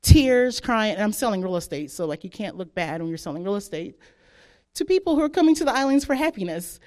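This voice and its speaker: A woman sharing a personal faith testimony in casual spoken storytelling, animated and full of "like", acting out her own past thoughts. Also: medium pitch, quick pace.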